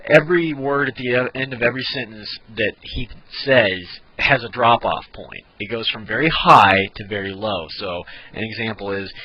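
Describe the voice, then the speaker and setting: A man's voice: mid-range voice, moderate pace, few pauses, highs cut off. A man giving a casual tutorial on doing voice impressions, often restarting mid-sentence as he explains. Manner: demonstrating, frequent restarts. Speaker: voice impressions teacher.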